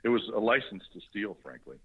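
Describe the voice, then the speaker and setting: Middle-aged male guest on a phone line. Lowish, chatty, halting, with muffled sound. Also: big pitch swings, husky. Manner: chatty, halting, with many fillers. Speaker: actor guest. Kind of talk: phone interview on a radio show.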